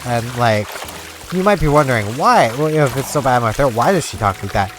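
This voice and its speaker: Brief: male gaming vlogger, lively pitch, rambling casual chat, game music under it. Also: fast. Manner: rambling, many "like"s and restarts. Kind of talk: casual chat over gameplay.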